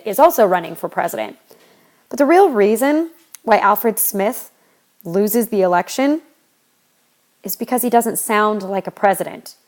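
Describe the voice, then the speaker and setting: A woman's voice: medium pitch, darkish tone. A young adult woman teaching a history lesson, talking casually and explaining step by step with frequent fillers and restarts. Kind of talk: recorded history lecture.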